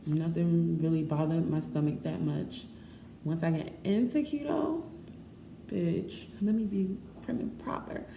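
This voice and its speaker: Chatty woman vlogger, lowish voice, faint room ambience. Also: a little slow, gravelly, dark tone, reverberant, a little hiss or hum. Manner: frank, chatty, laughs often. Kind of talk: candid casual vlog talk.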